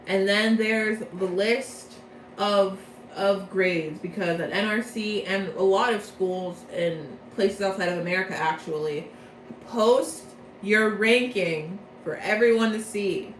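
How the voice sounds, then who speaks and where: A young woman recapping a plot from memory in a casual, rambling, excitable way, often correcting herself. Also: mid-range voice, slow, echoey room, a little hiss or hum, low-quality recording. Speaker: video creator.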